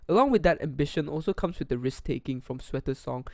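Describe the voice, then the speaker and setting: A man's voice: fairly high pitch, animated, fast talker, vocal fry, a little mellow, dry recording. A young man narrating a scripted music album review, enthusiastic and detailed, into a condenser studio microphone at home.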